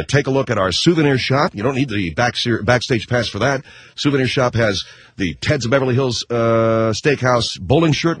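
A man hosting a radio talk show, with an ordinary middle-pitched voice. He reels off plugs and phone numbers in brisk, mock-earnest pitchman patter. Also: a bit bright.

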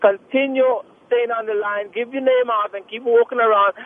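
A man with a thick foreign accent argues insistently over a tinny phone line, tripping over repeated words. His voice sits high. He sounds like a heated radio caller. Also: fairly even intonation, moderate pace. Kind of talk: heated call-in debate.

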